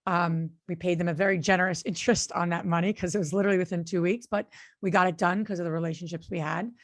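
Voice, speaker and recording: A woman's voice: on the low side, steady tone, fast. A woman co-hosting a podcast, telling a story in casual conversation with an earnest manner and many fillers and restarts. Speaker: podcast co-host and real estate investor.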